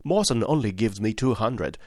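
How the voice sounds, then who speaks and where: A man's voice: fairly low pitch, animated, normal speed, no echo, studio quality. A man voicing an eager, modest young clerk answering questions about his work in an audiobook. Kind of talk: audiobook character voice.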